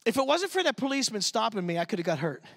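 A man preaching a church sermon, telling a story in an animated way and acting out the voices in it. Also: high-pitched, racing, creaky, no room sound, clean studio sound. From Michigan, USA. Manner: animated, acts out quotes in the story. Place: church service.

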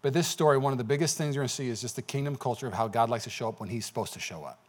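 A pastor with a racing, mid-range male voice preaches a sermon in a church sanctuary. His style is conversational, sprinkled with frequent "okay?" asides.

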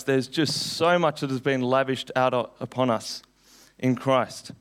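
Male preacher, hoarse with a frog in his throat, church mic; casual and chatty, earnest and slow in prayer, middle pitch. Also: fairly even intonation. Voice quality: slightly husky. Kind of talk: sermon and prayer. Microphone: handheld mic.

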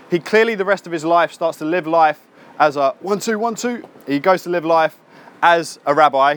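Speaking in a voice slightly high for a man, a preacher delivers a relaxed, conversational sermon. He keeps things lively by acting out the characters in his stories and tossing in slangy asides.

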